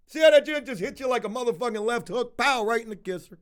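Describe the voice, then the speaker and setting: Speaking fast in an extremely high voice, a man streams live and tells a story in a relaxed way. He's profane and animated, swearing a lot and repeatedly breaking off to call out viewers in the chat.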